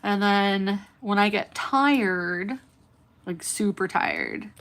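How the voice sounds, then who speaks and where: A woman's voice: mid-range voice, big pitch swings, extremely slow, gravelly, fairly bright tone. A woman in her thirties with a California accent and a faint Southern lilt, chatting and smiling as she hosts a nail-art livestream and talks to viewers. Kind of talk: casual chat while doing nails.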